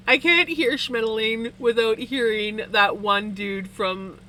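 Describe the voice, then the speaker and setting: A woman's voice: fairly high pitch, slow, pushed and bright, slight background noise, low-quality recording. A woman chatting casually with her livestream viewers, laughing often as she talks. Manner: giggly, laughs often between words. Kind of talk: casual chat with viewers while spinning wool. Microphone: streaming setup.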